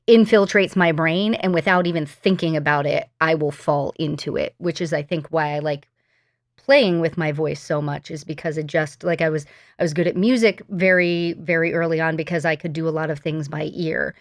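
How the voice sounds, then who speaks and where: A woman with a lowish voice, chatting on a podcast and telling stories in an animated way. Her voice is recorded dry and close. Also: no room sound. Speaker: podcast co-host. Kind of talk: casual chat.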